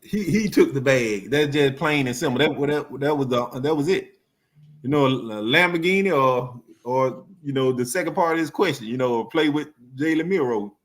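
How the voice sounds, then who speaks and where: A man's voice: mid-range voice, animated, normal speed. A man on a sports talk panel who gives blunt, joking opinions and laughs often. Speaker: show panelist.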